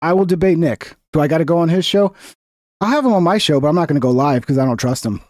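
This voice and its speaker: High-voiced mocking male commentator. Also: fast talker, darkish tone, no room sound, clean studio sound. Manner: mocking, profane, combative. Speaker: commentary streamer. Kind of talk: reacting to clips, casual commentary.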